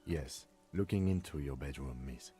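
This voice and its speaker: An actor voicing a grave male narrator in a video game, with slow, measured, deliberate delivery. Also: extremely low pitch, warm tone, husky, faint music behind, full character voice. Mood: matter-of-fact. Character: grave male narrator voice of a detective's inner senses.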